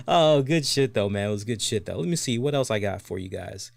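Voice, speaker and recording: A man's voice: moderate pace, vocal fry, no echo. A man in his thirties hosting a show, telling a story in casual chat, swearing freely and acting out other people's lines. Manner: animated, swears freely, acts out other people's lines with big pitch jumps. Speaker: podcast host.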